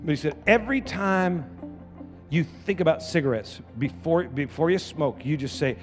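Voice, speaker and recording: A man preaching a sermon as pastor, repeating phrases and building to loud shouts. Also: on the high side, normal speed, in a large hall, soft background music. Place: church.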